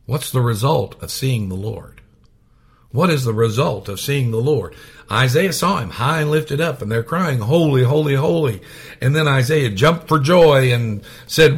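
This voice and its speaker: A man preaching a sermon, swinging from loud raised passages to hushed whispers. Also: medium pitch, slightly rough.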